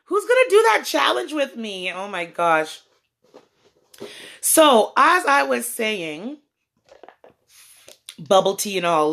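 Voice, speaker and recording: Woman, casual live vlog, playful, slow talker, gravelly fry. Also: mid-range voice, fairly bright tone. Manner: playful, chatty, talks to viewers and herself. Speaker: vlogger doing a live stream. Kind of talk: casual chatty live stream. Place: at home indoors. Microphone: phone propped up on a table.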